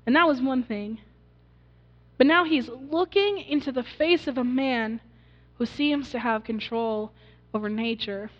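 A woman pastor preaches earnestly, telling the story and pulling the congregation in with questions. Her voice sits high. The recording is dull and muffled, with a long reverb from a church sanctuary. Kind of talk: sermon.

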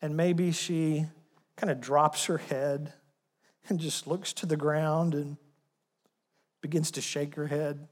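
A man preaching a sermon in church, animated, acting out the dialogue of the story. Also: a little high, slow, long pauses. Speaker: pastor. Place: church sanctuary. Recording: long hall reverb.

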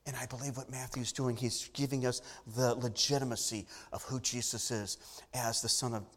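A man's voice: mid-range voice, flat delivery, moderate pace, fairly bright tone, in a large hall. A man preaching a sermon to a congregation, emphatic, with repeated phrases and questions to the listeners. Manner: emphatic preaching with repetition and rising bursts. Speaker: pastor.

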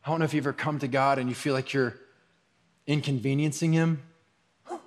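A man preaching a sermon as pastor, talking in a loose conversational way that swings between soft asides and raised emphasis. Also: mid-range voice, steady tone, fairly quick, pauses often. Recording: long hall reverb.

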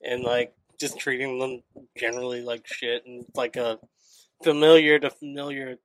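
Casual male co-host, even mid voice, relaxed chatter in a dry room. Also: mid-range voice, normal speed, no room sound, poor audio. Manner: loose, chatty, filler words. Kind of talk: casual podcast recap chat.

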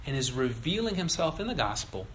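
A younger man preaching a sermon as pastor, animated and acting out little voices in his illustrations. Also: medium pitch, brisk, slight background noise, poor audio.

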